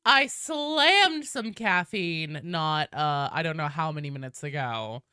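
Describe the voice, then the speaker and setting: A woman streaming live while sick with a cold, chatting casually and shouting loud, profane greetings to her viewers. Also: deep voice, lively intonation, takes it slowly, smooth, no echo, clean studio sound.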